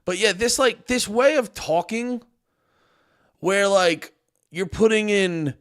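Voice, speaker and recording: A man's voice: high-pitched, slow pace. A man streaming casual reaction commentary, exasperated and profane, rambling with lots of fillers.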